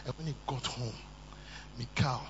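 A man preaching a sermon, moving from soft asides to shouted emphasis. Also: medium pitch, normal speed. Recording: muffled, with long hall reverb and faint hum.

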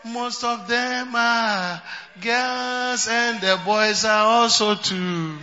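A man preaching a sermon as a pastor, mixing English and Twi and swinging from soft asides to shouts. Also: extremely high pitch, extremely slow, background noise. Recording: dull sound in a reverberant hall.

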